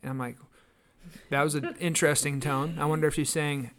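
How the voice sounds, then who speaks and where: Man, podcast co-host, earnest casual storyteller, slightly raised pitch. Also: a little fast. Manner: earnest storytelling, acts out quoted voices. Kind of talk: casual devotional chat.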